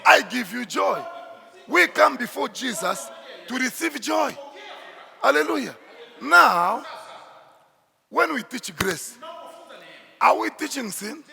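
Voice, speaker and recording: Male pastor, bright gravelly voice, slow emphatic sermon delivery, echoey church hall. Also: extremely high pitch, expressive. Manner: emphatic preaching, shifts into Swahili asides.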